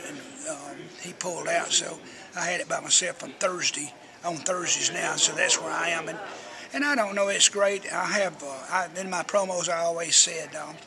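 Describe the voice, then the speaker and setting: Folksy older man, high and gravelly. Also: moderate pace, a crowd in the background. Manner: folksy, chatty storyteller who acts out quotes. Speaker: interview guest, radio personality. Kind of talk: rambling storytelling interview.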